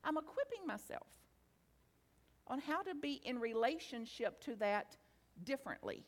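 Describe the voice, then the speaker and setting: A woman giving a spiritual talk to a live audience, playful and teasing, with stretches of slow, hushed guided reflection. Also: high-pitched, big pitch swings. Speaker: spiritual teacher. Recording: long hall reverb.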